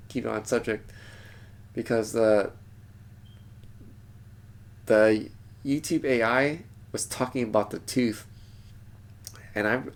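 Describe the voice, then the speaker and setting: Low gravelly-voiced male vlogger. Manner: digressive, thinks aloud with frequent restarts. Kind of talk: casual rambling vlog monologue. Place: small home studio.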